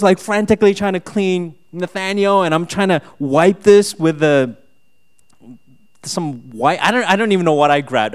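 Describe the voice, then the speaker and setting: A pastor with a smooth voice that sits high preaches a sermon built around a personal story. He uses frequent fillers and keeps tagging lines with "right?", building up to exasperated outbursts.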